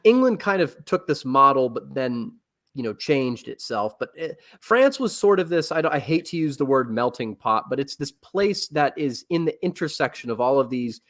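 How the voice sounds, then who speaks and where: A man's voice: mid-range voice, very animated, normal speed, fairly bright tone. A man speaking as a podcast guest in casual chat, lecturing with enthusiasm about history and a novel, often restarting his sentences and filling gaps with "like" and "you know". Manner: rambling, with frequent restarts and filler words.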